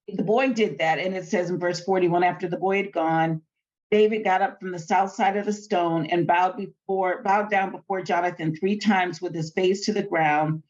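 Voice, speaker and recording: A woman's voice: on the low side, a little mellow, dull audio. A woman hosting a casual Bible study, reading scripture aloud and retelling it in chatty, everyday terms.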